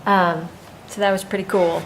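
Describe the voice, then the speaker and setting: A woman, a land stewardship coordinator, giving an unhurried, informal update at a town meeting with frequent pauses. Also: on the low side, level tone, background noise. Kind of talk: staff report at a town meeting.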